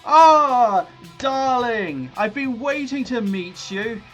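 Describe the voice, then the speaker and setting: A man voicing a flamboyant, gushing fat male vampire elder, with slow, theatrical, drawn-out fawning lines. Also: very high-pitched, expressive, fairly bright tone, faint music behind, voice pushed up, heavily acted.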